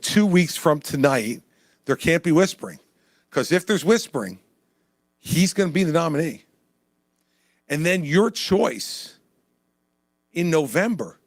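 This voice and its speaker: A creaky, fairly high male voice comes through in studio quality as a presidential candidate works an indoor town hall. Punchy and conversational, he repeats lines to drive them home during his stump speech and Q&A.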